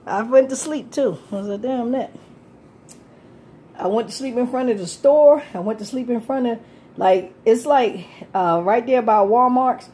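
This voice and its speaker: Speaking in a slightly high, mellow voice at a normal speed, a homeless woman chats about life on the street. She rambles, laughs a lot and swears without restraint.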